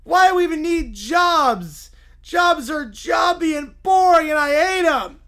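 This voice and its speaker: A man doing a whiny, shouty little bear cub. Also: very high voice, lively intonation, voice pushed up, full character voice. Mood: whiny complaining. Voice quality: whiny, complaining. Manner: drawn-out, loud, near-shouted protests. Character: whiny grumpy little bear cub who hates work.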